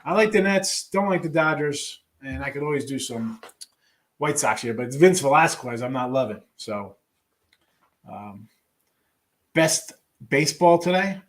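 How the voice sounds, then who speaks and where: Reading along with a live chat, this sports betting show host walks through his daily picks in an offhand way, dropping wry asides and restarting thoughts that trail off. His voice sits on the high side, animated but unhurried, with frequent pauses.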